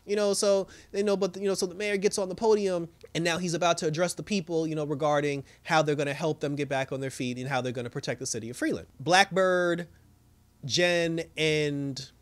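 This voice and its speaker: A man giving a casual, slangy recap of a TV episode, telling it in an animated way and laughing often. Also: a little high, brisk. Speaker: TV episode reviewer.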